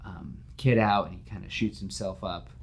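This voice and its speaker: A man hosting a podcast, telling a story in casual, animated chat with lots of fillers. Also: deep voice, moderate pace, gravelly, a little hiss or hum. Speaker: podcast host pitching a story.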